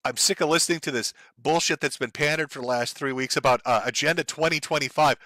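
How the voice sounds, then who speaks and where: A man's voice: on the high side, quick pace, bright, forceful tone, no echo, clean studio sound. A man hosting his own show, giving blunt, profane, heated commentary. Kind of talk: ranting political commentary.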